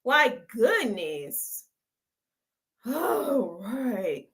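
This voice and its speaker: A woman's voice: fairly high pitch, sing-song, drawn-out words, a bit bright. A woman hosting a reaction video, talking unhurriedly and making blunt, profane asides. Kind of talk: casual reaction commentary.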